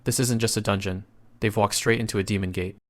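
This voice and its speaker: Male recap narrator, lowish voice, steady scripted storytelling read. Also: quick pace.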